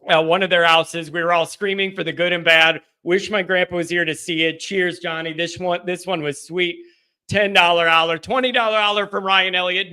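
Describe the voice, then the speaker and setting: A man with a high, bright voice hosts a postgame livestream, reading viewer messages aloud. He sounds overcome with emotion, breathless and rambling. He stumbles and loses his place as he talks. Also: smooth. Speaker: livestream host.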